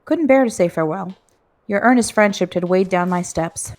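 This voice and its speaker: A woman reading the lines of a gentle male former god turned mortal, in an earnest, measured way. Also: high voice, natural voice. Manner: earnest, measured game dialogue read aloud.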